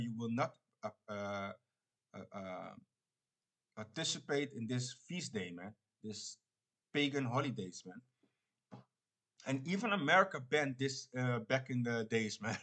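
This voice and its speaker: A man preaching in an informal, halting way, full of restarts and fillers, who ends nearly every phrase with "man". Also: medium pitch, a bit bright.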